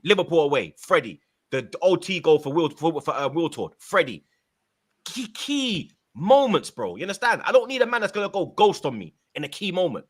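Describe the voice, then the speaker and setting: Bright, punchy guy, football pundit, slangy and swearing. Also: on the high side, slightly rough. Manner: emphatic, heavy slang and swearing. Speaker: podcast guest pundit. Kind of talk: casual football chat.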